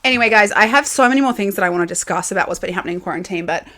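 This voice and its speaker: A woman's voice: mid-range voice, rapid-fire, bright, forceful tone, a little hiss or hum. A young Australian woman hosting a solo podcast, talking candidly and casually with lots of fillers and the odd swear word. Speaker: podcast host. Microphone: camera with built-in mic.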